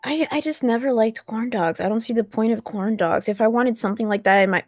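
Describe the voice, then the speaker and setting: A woman's voice: a little high, brisk, no echo, clean studio sound, soft background music. A woman with a lisp chatting on a livestream, hesitant, with many fillers and trailing thoughts. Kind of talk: casual livestream chat. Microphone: large desk mic.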